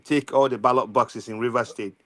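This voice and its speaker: A man with a mid-range voice chimes into a panel discussion. He speaks in a friendly, teasing way, in relaxed conversational talk. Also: mid-range voice, a little fast, crowd noise. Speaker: panel guest. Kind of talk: casual political chat.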